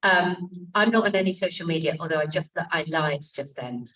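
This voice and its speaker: A woman's voice: sits low, lively intonation, moderate pace, a bit bright. Candid English woman, distant dull recording. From England. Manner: candid, self-mocking, frequent swearing. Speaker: actor and author guest. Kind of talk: casual stage conversation. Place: bookshop event room.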